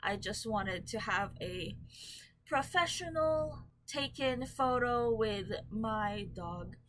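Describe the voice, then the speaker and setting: A woman's voice: on the high side, animated, slow pace, a bit bright. A young woman chatting casually to camera in a book vlog, bubbly and full of ums and likes. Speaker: book vlogger. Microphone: camera mic.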